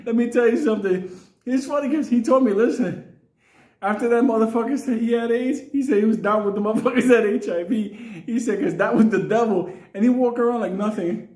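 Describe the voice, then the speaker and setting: A man's voice: extremely high pitch, a little fast, darkish tone, echoey room. A man telling a crude story casually, laughing often and acting out other people's lines. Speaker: storyteller host.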